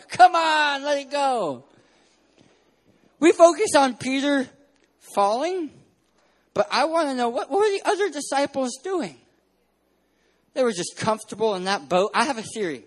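A young man from San Diego preaching a sermon, telling playful stories with loud bursts of emphasis. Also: very high-pitched, big pitch swings, normal speed, pauses often. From San Diego, California.

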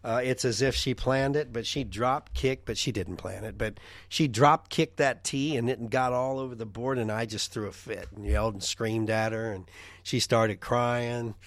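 A middle-aged man preaching informally and telling personal stories, halting often with restarts and fillers. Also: medium pitch, no echo.

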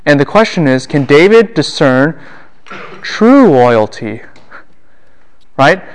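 A man's voice: sing-song, slow. A man giving a university lecture on a Bible passage, firing questions at his class and answering them himself, and acting out the lines he quotes. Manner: acts out the quoted lines with big jumps in pitch and volume.

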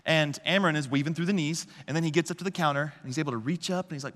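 A man preaching a conversational sermon, telling stories in an animated way and often checking in with the congregation. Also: on the high side, quick pace, hardly any pauses. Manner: animated storytelling with frequent "okay?" and "right?" check-ins. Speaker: pastor. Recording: long reverb of a large hall.

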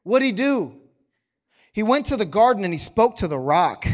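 A man, a pastor, delivering an impassioned sermon that swings between hushed and loud passages and puts rhetorical questions to the congregation. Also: high voice, big pitch swings, normal speed.

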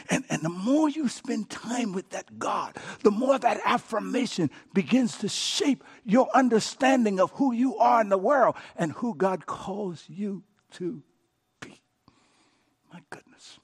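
Pastor guy preaching, kinda high husky voice, goes loud then whispery. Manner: preaching with dramatic swings from loud to soft whispers. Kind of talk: sermon.

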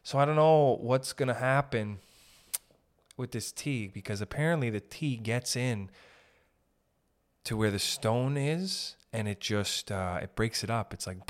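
Rambling, jokey young man. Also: medium pitch. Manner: rambling, self-interrupting, jokey, swears casually. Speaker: podcast host. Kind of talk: rambling comedic monologue.

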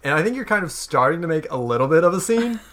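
A man narrating as game master, relaxed and teasing, laughing often as he describes scenes. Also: a little high, fast.

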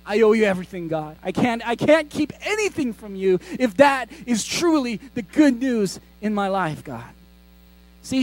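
High-voiced male pastor preaching. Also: low-quality recording. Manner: conversational preaching with acted-out quotes. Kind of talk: sermon.

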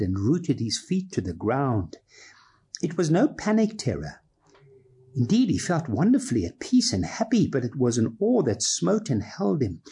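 A man preaching a sermon, reading aloud expressively and slipping into casual asides, with a husky voice. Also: mid-range voice, mellow. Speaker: pastor.

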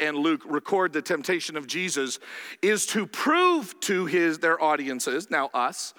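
A man's voice: high-pitched, sharp tone, long reverb tail. A man preaching a sermon as pastor, conversational, often checking in with his listeners through rhetorical questions.

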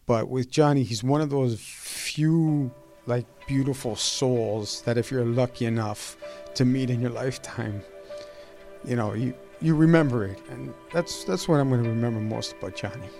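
A man's voice: medium pitch, normal speed, gravelly, a little mellow, soft background music. A man remembering a longtime colleague fondly, rambling with many fillers. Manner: rambling, fond, with many "you know" fillers. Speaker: sports network colleague. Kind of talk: heartfelt remembrance.

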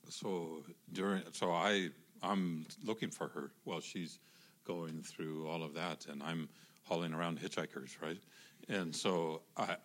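A man telling a personal story in a casual, animated way, with lots of restarts and acted-out quotes. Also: sits low. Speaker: guest telling his love story.

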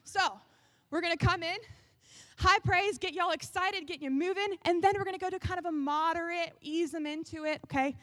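A woman worship leader doing a sarcastic comedic sketch, animated and breaking into shouts and sung snippets. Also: extremely high pitch, fairly quick, no echo.

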